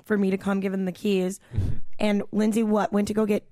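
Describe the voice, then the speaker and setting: A young woman hosts a casual podcast, retelling a night out in a chatty, rambling way full of "like". Her voice sits at a middle pitch for a woman. The sound is dry and close. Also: a little fast, no echo. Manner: chatty, lots of "like", animated retelling with quoted voices. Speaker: podcast host. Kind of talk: casual chat, storytelling.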